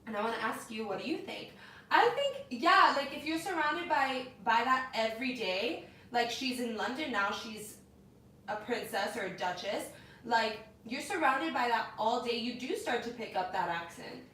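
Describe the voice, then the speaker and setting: Animated young woman, echoey room. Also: fairly high pitch, moderate pace. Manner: animated, opinionated, heavy use of "like". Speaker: co-host. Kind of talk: casual entertainment news chat. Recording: echoey room, mic at a distance, faint noise.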